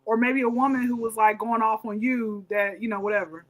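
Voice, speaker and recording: A woman's voice: fairly high pitch, steady tone, brisk, low-quality recording. A woman hosting a casual panel chat, chatty, repeating her words and laughing often. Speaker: podcast host.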